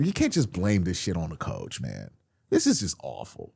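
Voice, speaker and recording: Animated man breaking down game film. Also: deep voice, moderate pace, gravelly, slightly rough, no room sound, studio quality. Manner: animated, exasperated, swears, addresses viewers as y'all. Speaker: football film breakdown host. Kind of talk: casual film-review commentary.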